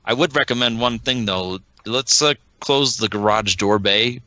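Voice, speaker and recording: A man in a tabletop role-playing session who laughs often and talks through tactics as he thinks. His voice is bright. The close recording is dry. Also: medium pitch, a little slow, dry recording, low-quality recording. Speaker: player. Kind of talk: tabletop game chat.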